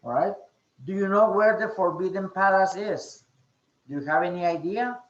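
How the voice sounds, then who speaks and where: A man teaching an online English class, speaking slowly with many fillers and a repeated "okay?". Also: sits high, roomy sound, highs cut off. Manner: slow, repeats "okay?" often, hesitant fillers.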